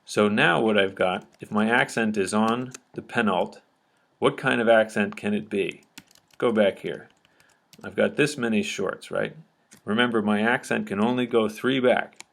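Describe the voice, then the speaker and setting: A man with a somewhat low voice walks through a lesson at a patient pace. He explains each step and keeps checking that his listeners are following along. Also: unhurried, gravelly, a bit bright. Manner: patient, checks understanding often with "okay?". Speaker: teacher. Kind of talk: explanatory lecture at a board.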